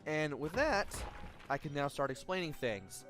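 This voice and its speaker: A man's voice: a little high, big pitch swings, measured pace, a bit bright. Casual man explaining gameplay. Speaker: let's play host. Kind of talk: gameplay commentary. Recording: voice-over with faint game music.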